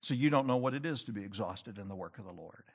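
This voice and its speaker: A man preaching a sermon in a church, with animated delivery that rises to loud, emphatic peaks. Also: fairly low pitch, fast, vocal fry, breathy edge. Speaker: pastor.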